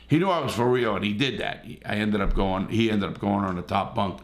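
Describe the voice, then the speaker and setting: A man's voice: fairly low pitch, brisk. A man telling a story from his own life in a casual monologue, blunt and profane, getting heated and often restarting his sentences. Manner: frequent restarts and stumbles. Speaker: host, ex-convict storyteller.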